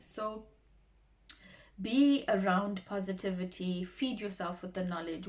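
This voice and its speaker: A woman's voice: mid-range voice, darkish tone. A woman, a former radio talk show host, giving earnest, encouraging advice in a motivational vlog, often repeating words for emphasis.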